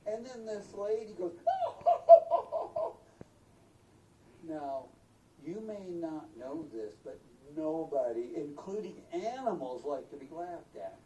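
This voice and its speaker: Older folksy storyteller, animated delivery. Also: medium pitch, unhurried. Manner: animated, acts out voices and sounds. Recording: roomy, distant mic, faint noise.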